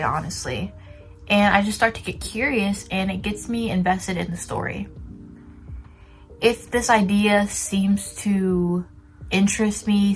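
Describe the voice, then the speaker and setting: 20yo girl talking writing tips to camera, chatty, jokes at herself, little whispered bits, mid pitch, faint music underneath. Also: rough recording. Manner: chatty, self-deprecating, with soft whispered asides. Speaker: writer sharing writing tips. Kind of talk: casual chat to camera.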